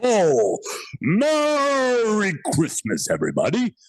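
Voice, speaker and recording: A man voicing a jolly old Santa Claus, with a husky voice and a drawn-out, sing-song delivery. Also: high-pitched, huge pitch swings, no room sound, voice pushed up, full character voice.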